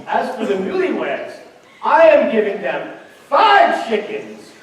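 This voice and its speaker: A young actor in a school musical playing a resentful, gruff butcher who was jilted, shouting in anger, recorded from far off in a roomy auditorium with an audience. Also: male voice, high-pitched, wildly swooping pitch, measured pace, exaggerated voice. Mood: grudging. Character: indignant butcher, jilted older suitor. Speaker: high school stage actor. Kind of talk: live school musical acting.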